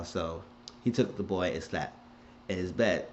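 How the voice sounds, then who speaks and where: A man's voice: sits low, unhurried, a little hiss or hum. A man casually recapping a TV episode, rambling and colloquial as he retells the scenes. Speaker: TV show recapper. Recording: dull lo-fi recording.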